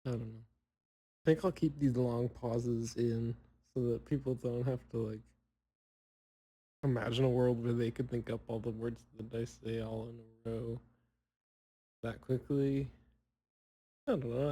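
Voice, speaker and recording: A young man talks loosely to himself, drifting from thought to thought and poking fun at himself. His voice is mellow and dark, with long pauses left in. It sounds like a relaxed solo chat. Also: mid-range voice, poor audio. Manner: rambling, self-mocking, long pauses. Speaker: podcaster.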